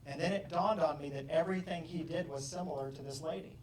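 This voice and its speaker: A man giving a motivational seminar talk, acting out both sides of a story and rising to mock shouting. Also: on the high side, quick pace, a little hiss or hum. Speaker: motivational speaker. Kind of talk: live seminar talk with acted-out anecdotes. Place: seminar room with an audience. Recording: echoey room, distant mic.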